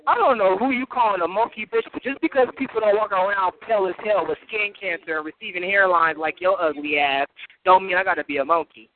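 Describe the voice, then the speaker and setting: A man with a high voice hurls profane, boastful trash talk and breaks into laughter between threats. The sound is thin and tinny, like a phone line. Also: fast, slight background noise.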